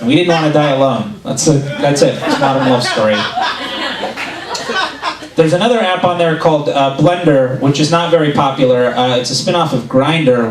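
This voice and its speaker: A stand-up comedian with a mid-range voice performs his set on a club stage before a laughing audience, telling stories with animation and acting out quotes. The recording is roomy and live, with the mic at a distance in the echoey club.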